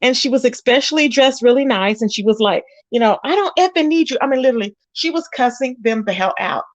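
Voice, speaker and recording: A woman hosting a casual live stream, animated, greeting viewers with pet names. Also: a little high, fast. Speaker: host of a live commentary channel.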